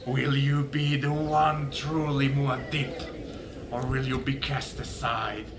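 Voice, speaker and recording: A man playing an ominous keeper of a desert trial in a commercial, slow and dramatic. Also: medium pitch, little pitch movement, background noise.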